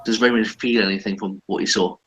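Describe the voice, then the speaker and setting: A man's voice: lowish voice, fairly even intonation, fast, a bit bright, rough recording. A man playing in a tabletop game, asking hesitant questions full of fillers. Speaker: player. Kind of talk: casual tabletop role-play.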